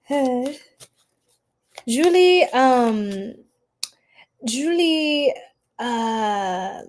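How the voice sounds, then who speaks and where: A bubbly, giggly woman hosting a tarot livestream, chatting with viewers, laughing often and gasping with excitement. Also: sits high. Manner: gasps and squeals with excitement. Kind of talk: live chat with viewers.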